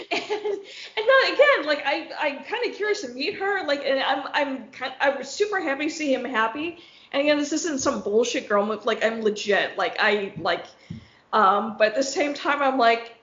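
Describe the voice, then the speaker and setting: A woman's voice: high voice, animated, moderate pace, a bit bright, reverberant, lo-fi sound. Chatty young woman telling a story. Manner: chatty storyteller, full of fillers and laughs. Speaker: podcast co-host. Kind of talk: casual chat among friends.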